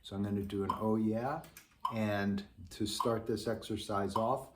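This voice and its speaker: A man teaching a trombone lesson, speaking thoughtfully with many pauses and ums. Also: fairly low pitch, little pitch movement, noisy background. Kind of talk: instructional lesson.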